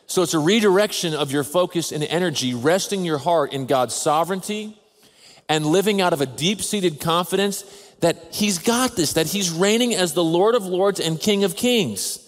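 A man, a father of a toddler, preaching a sermon in an earnest, measured way with slow, emphatic pauses. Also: high-pitched. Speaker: pastor. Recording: long reverb of a large hall.

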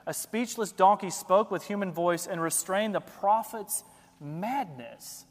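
A man delivers a sermon in a notably high voice. He drives his points home with pointed rhetorical questions and strong emphasis. His words carry a long hall reverb. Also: unhurried. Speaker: pastor.

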